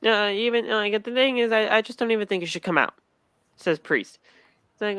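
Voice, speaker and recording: A man's voice: high-pitched, fairly even intonation, normal speed, a bit bright, clean tone, no room sound. A man casually recapping a wrestling show on a podcast, stammering and acting out quotes as he goes.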